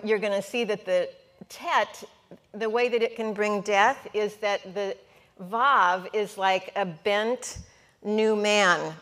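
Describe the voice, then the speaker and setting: Slow, bright-voiced woman teaching a class. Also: medium pitch. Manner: slow, patient, coaxing students with questions. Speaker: Hebrew teacher. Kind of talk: classroom lesson at a whiteboard.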